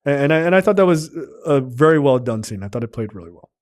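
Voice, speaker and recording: A man's voice: medium pitch, sing-song, quick pace. A man co-hosting a film podcast, retelling movie scenes in a loose, profane casual chat full of fillers. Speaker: podcast co-host reviewing a film.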